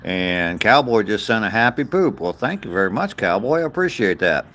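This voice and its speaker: A man's voice: lowish voice, very animated, moderate pace, a bit bright, a little hiss or hum. An older man chatting casually on a livestream while walking outdoors, greeting viewers by name and chuckling at their comments. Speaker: livestreamer reading viewer chat. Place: outdoors on a walk.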